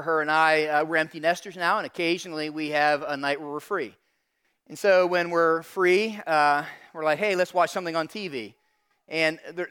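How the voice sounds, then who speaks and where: Man, high voice, middle-aged pastor, sermon, animated storytelling, talks to the crowd. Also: smooth. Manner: animated storytelling, addresses audience directly.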